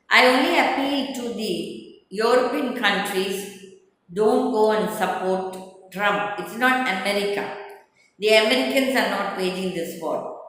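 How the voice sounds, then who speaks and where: A woman's voice: mid-range voice, a bit bright, a little hiss or hum. A woman advocate giving indignant political commentary, her emphasis rising and falling. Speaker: advocate and party spokesperson. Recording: echoey hall with faint ambience.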